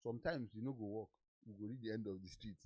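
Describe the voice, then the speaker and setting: A man's voice: lowish voice, fast talker, husky, no room sound, highs cut off. Nigerian guy on a podcast, spinning stories and doing everyone's lines, dry close sound. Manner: lively anecdotes, acting out quoted people. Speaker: podcast host. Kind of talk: casual storytelling chat.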